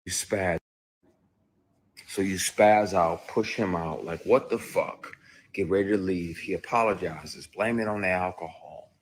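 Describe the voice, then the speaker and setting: A man's voice: low-pitched, unhurried, a little hiss or hum. A man in an interview, telling his story in an emphatic, profane way. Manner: emphatic, profane, recounting with acted outbursts.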